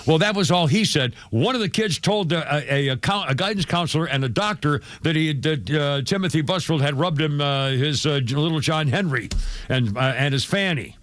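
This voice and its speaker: A man's voice: a little high, normal speed, fairly bright tone, no echo. Chatty male radio host with a dry sound. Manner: rambling, chuckling, with many fillers and restarts. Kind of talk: casual showbiz news chat.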